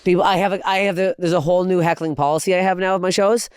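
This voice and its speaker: A woman comedian in her thirties tears through heckler stories at a rapid clip, swearing freely and acting out each voice she quotes. The sound is close and dry, with no room around her. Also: lowish voice, smooth, no echo. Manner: profane, animated storytelling with acted-out quotes. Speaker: comedian guest. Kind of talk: casual podcast chat.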